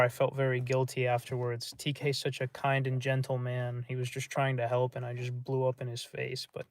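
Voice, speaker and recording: A man's voice: mid-range voice, completely flat delivery, a little fast, few pauses, darkish tone. A man hosting a livestream, rambling in a gloomy, profane way while reading and answering chat. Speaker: livestream host.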